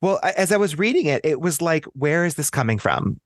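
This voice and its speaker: A man's voice: a little high, very animated, brisk, dry recording, studio quality. An American man speaking as a podcast guest in a casual discussion. He thinks aloud, chats freely and often restarts his sentences.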